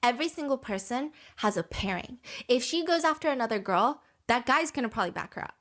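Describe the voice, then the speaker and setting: A woman with a somewhat high voice tells a story in a casual chat. She is animated and slips into quick put-on voices for the people she quotes. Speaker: storyteller recapping a reality show.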